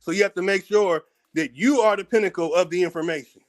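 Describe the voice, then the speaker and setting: Talking fast in a high-pitched voice, an American man on his own channel fires off a combative, profane commentary rant, repeating himself as he grows more worked up.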